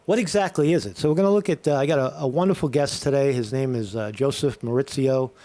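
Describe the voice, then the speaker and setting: Gravelly-voiced man hosting a rambling live show. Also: mid-range voice, fast talker, warm tone. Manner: rambling, irreverent, heavy on fillers and restarts. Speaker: host of a live morning show. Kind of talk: casual live-stream chat.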